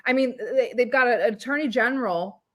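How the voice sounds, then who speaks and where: A woman's voice: a little high, fairly quick, a bit bright. A woman co-hosting a political livestream, talking in an exasperated, sarcastic way and laughing often. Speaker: co-host.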